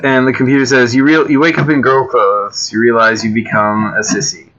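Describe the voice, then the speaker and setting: A man's voice: mid-range voice, flat delivery, a little fast, a bit bright, highs cut off. A man casually reading generated stories aloud, often breaking off with fillers and chatty asides. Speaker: reader and creator of homemade games.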